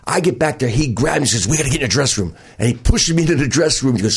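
A man's voice: medium pitch, breathy edge. A man in his sixties telling stories from his comedy career in a casual interview, acting out other people's lines as he goes. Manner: rapid, animated, acts out others' lines. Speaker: comedian guest.

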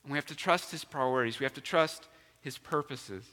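A man's voice: mid-range voice, brisk, bright, forceful tone, in a large hall. A male pastor preaching a sermon in a church, emphatic and asking his congregation questions. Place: church sanctuary.

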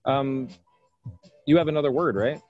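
A man's voice: mid-range voice, normal speed, a little mellow, lo-fi sound, faint music behind. A man co-hosting a casual comedy podcast, asking dry, incredulous questions and laughing along. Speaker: podcast co-host.

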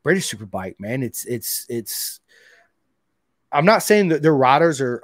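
A man hosting a podcast, chatting casually and excitably, dropping "dude" and "man" throughout. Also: mid-range voice, moderate pace, no room sound, studio quality. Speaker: podcast host. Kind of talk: casual interview chat.

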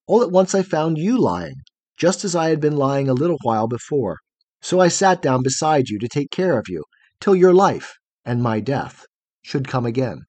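A man voicing a gentle young girl of the night who speaks in a soothing, earnest way. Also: medium pitch, no echo, natural voice.

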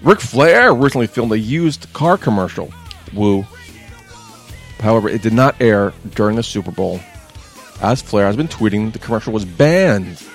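A man with a lowish voice runs through the news in casual podcast chat, tossing in dry, dismissive asides. Faint music sits under him. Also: lively intonation, normal speed. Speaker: podcast co-host reading wrestling news.

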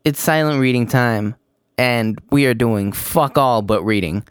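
A man's voice: mid-range voice, a little slow, clear, resonant tone, no echo. A young man co-hosting a podcast, telling a school story in casual, profane chat full of fillers. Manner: profane, animated, lots of fillers. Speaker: podcast co-host.

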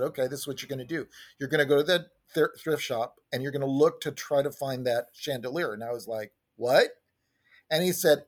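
A man telling his own recovery story to a support group, candid and conversational. His voice sits a little high for a man, and he slips into the voices of the people he quotes. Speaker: recovery group speaker sharing. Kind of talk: personal testimony at a support meeting.

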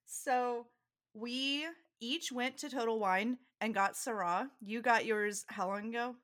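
Bright, lively young woman telling stories. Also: on the high side, slow. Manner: animated storyteller, laughs often, acts out quoted voices. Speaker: podcast co-host. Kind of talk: casual chat.

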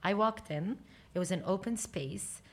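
Animated woman telling her life story. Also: mid-range voice, a little slow. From grew up between Florida and Lebanon. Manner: animated, acts out quoted voices, mixes in Arabic phrases. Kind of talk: casual storytelling in a podcast conversation.

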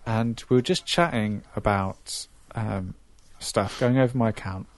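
A man's voice: lowish voice, measured pace, no room sound. A man hosting a podcast, telling a story in casual chat and mimicking other voices as he goes. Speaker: podcast host.

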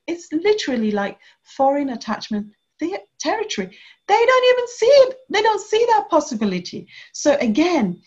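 Animated woman on muffled remote audio. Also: high-pitched, brisk. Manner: animated, acts out clients' voices. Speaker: couples therapist co-host. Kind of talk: conversational podcast discussion.

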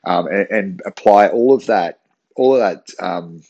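A man's voice: deep voice, measured pace, vocal fry, warm tone, slightly rough, lo-fi sound. A man hosting a podcast as a strength coach and gym owner, talking earnestly in casual solo chat, restarting phrases and checking in with "right?".

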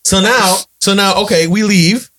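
A man telling a family story in a casual chat, animated and repeating phrases as he acts out quotes. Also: high voice, normal speed. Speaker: podcast guest, storyteller.

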